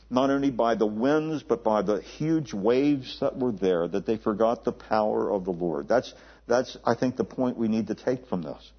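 Husky conversational male preacher. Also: lowish voice. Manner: conversational, repeats words, slows to stress scripture. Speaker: pastor. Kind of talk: sermon. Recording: dull lo-fi recording.

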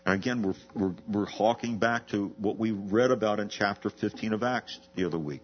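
A man preaching a verse-by-verse sermon in a low, husky voice. He poses rhetorical questions and slows down to stress his key words. The recording sounds dull and lo-fi. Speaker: pastor. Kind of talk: expository sermon.

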